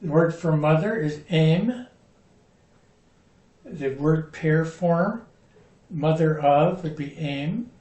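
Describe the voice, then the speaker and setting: A man teaches a Hebrew vocabulary lesson at an unhurried pace, pausing over each word and its stress. His voice sits a little high. The sound is roomy and picked up from some distance away. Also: mellow. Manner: slow, patient, spells out words and stresses.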